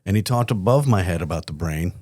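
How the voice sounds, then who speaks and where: A middle-aged man with a low, deep voice tells his story as a podcast guest, lively and candid, blunt enough to swear. The sound is close and dry with no room around it. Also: fast, no room sound. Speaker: company CEO guest.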